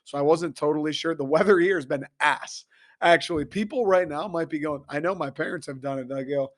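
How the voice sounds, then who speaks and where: A young man from Michigan, hoarse and a little raspy, ranting profanely and excitably as he hosts a casual sports talk show. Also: fairly high pitch, fairly quick. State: hoarse after a concert. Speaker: sports podcast host.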